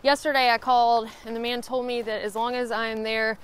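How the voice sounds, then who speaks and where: A woman's voice: fairly high pitch, flat delivery, fairly quick, slight background noise. A woman from Alabama with a Southern accent, chatting in a casual vlog while hiking a rural trail. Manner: chatty, upbeat. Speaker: vlogger.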